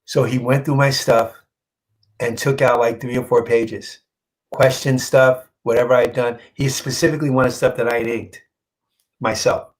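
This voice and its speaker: A man's voice: medium pitch, poor audio. Emotional man telling a story. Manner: animated, acts out quoted dialogue; emotional, halting repeats. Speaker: comic book artist guest. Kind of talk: casual interview storytelling.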